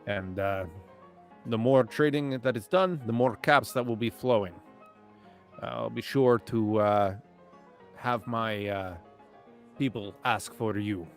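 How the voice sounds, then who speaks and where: A man's voice: lowish voice, takes it slowly, long pauses, faint music behind. A man voicing a shrewd male ghoul trader in a tabletop game, with stiff, businesslike politeness. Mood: courteous.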